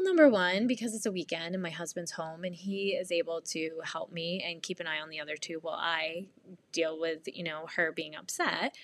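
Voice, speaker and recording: A woman's voice: lowish voice, no echo. A woman in her thirties talking candidly to camera as a mom vlogger, earnest and rambling, often laughing as she tells the story. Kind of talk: candid confessional vlog.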